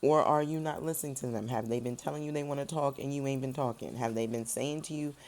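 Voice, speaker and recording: A woman giving a casual tarot reading, talking straight to her viewers in a sassy, animated way. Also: rumbling low, fast. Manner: animated, swings between loud emphasis and soft serious tones. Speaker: tarot reader.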